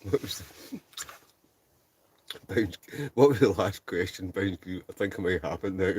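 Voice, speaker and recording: A man's voice: low-pitched, measured pace, slightly rough. A Scottish man hosting a casual livestream from his tent, chatting, laughing and reading out viewer comments. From Scotland. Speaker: livestream host. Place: inside a tent.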